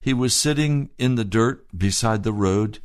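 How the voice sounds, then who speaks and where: Slow, low-voiced male pastor. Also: smooth, no echo, clean studio sound. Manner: deliberate, phrase-by-phrase retelling. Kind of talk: sermon storytelling.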